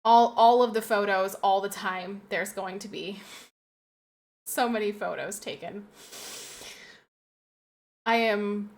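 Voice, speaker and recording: A young woman streams and chats casually with her live audience, speaking emotionally, repeating phrases, laughing often and answering her chat aloud. Her mid-range voice moves slowly, with frequent pauses.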